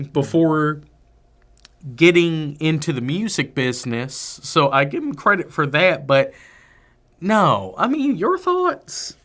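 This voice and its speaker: A man co-hosting a film review podcast, chatting casually and giving opinionated, emphatic takes. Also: fairly high pitch. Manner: animated, opinionated, drawn-out emphasis. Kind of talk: casual movie review chat.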